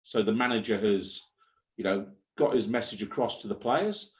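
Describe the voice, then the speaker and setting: A man's voice: on the low side, normal speed. A man on a live football panel, optimistic and hesitant, with lots of fillers. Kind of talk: live match chat. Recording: lo-fi home audio.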